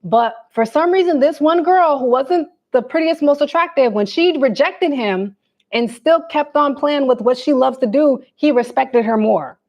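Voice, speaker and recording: A young adult woman hosting a casual livestream, chatting straight to her viewers in animated, slangy talk. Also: high voice, normal speed. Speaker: livestream host.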